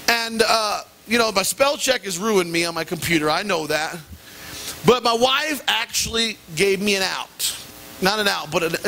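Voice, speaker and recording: A middle-aged male pastor preaching a sermon and telling animated, self-deprecating stories with sudden jumps in pitch. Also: a little hiss or hum. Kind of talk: sermon with personal anecdote. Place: church sanctuary.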